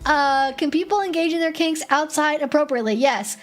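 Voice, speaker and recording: A woman hosting a casual livestream Q&A, blunt and profane, telling animated stories. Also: high-pitched, brisk. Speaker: streamer hosting a Q&A.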